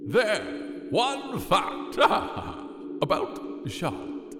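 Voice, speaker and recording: A man's voice: mid-range voice, huge pitch swings, takes it slowly, in a large hall, background noise, pitched above the performer's own voice, exaggerated voice. A man voicing a friendly, enthusiastic male fruit bat who speaks with formal, old-fashioned courtesy, in a storybook reading. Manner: formal old-fashioned phrasing, gently curious. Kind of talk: audiobook character voice.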